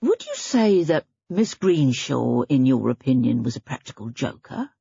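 A woman's voice: rumbling low, very animated, normal speed, vocal fry, warm tone, slightly rough, dry recording, muffled recording, pitched below the performer's own voice, full character voice. Woman reading as a practical male police inspector. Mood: matter-of-fact.

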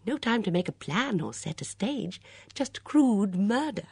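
An elderly lady sleuth lays out a murder in measured, earnest tones, voiced by a woman reader. Her pitch rises and falls widely. The sound is close and dry. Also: very animated, darkish tone, slightly rough, no room sound, heavily acted. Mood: urgent. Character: elderly woman sleuth, gentle but grave.

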